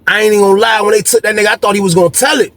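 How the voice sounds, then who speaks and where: A man hosts a storytelling video in a casual, profane way, acting out quoted voices and saying "man" over and over. His voice sits high and a bit bright, with fairly even intonation and a racing pace, in a dry recording.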